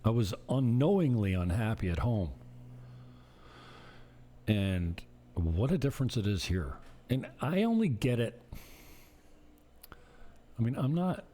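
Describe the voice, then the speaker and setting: A man vlogging in a casual, rambling monologue, self-deprecating and drifting off topic, with a husky voice. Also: mid-range voice, sing-song, a little slow, pauses often, mellow.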